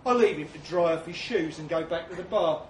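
A man's voice: a little high, fairly quick, a little hiss or hum. A man reading a crude comic story to a laughing audience, acting out blokes' lines with swagger. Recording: echoey room from far off.

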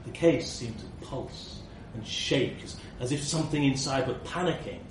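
A man narrating a first-person comic story with a wry, expressive, slightly profane delivery. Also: mid-range voice, moderate pace, reverberant, recorded from a distance, background noise.

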